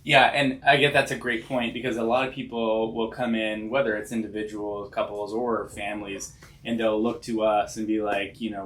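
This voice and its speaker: A man's voice: fairly low pitch, flat delivery, moderate pace, fairly bright tone. A man, a counselor co-hosting a podcast, explaining ideas thoughtfully and often checking in with "right?". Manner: thoughtful, explanatory, tag questions. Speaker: podcast co-host, licensed counselor. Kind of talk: casual conversational podcast.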